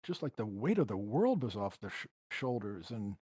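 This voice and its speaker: A man's voice: on the low side, big pitch swings, normal speed, dark tone, husky, no room sound. Reflective man guest, dry close sound. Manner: reflective, emotional storytelling. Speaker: guest musician. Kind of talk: storytelling interview.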